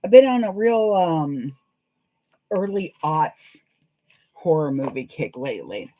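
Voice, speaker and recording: A woman's voice: low voice, very animated, slow, warm tone, rough recording. A woman chatting in a rambling, laughing way as she hosts a live sewing stream. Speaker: sewing livestream host. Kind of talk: casual chat while sewing live.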